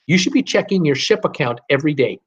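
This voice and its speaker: A man's voice: fairly high pitch, lively intonation, fast, slightly rough. An older man hosting a live cruise talk, giving blunt, fired-up advice in a ranting manner. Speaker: cruise vlogger host.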